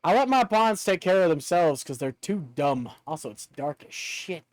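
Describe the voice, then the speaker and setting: A chatty man streaming a game, talking in a high and very lively voice that jumps around a lot. He jokes and laughs easily with his chat. The sound is close and dry, with no room echo. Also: moderate pace. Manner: joking, chatty, laughs often. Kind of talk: casual gameplay chat.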